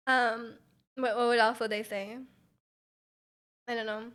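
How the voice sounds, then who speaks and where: A woman's voice: fairly high pitch, steady tone, takes it slowly, pauses often, a bit bright. A young Canadian woman streaming live, chatting casually with her viewers, giggling and rambling with many restarts.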